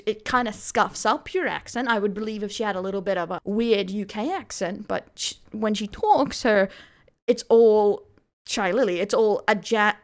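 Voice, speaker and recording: Australian woman, skeptical commentary voice, mid-pitched. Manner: skeptical, critical. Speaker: vtuber news commentator. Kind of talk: commentary over clips.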